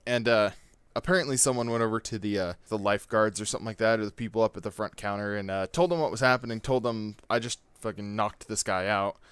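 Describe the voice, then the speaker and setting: A man's voice: on the low side, fast talker, fairly bright tone, clear, resonant tone, no echo. A man casually telling a personal story, rambling with lots of fillers and swearing. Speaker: gaming YouTuber.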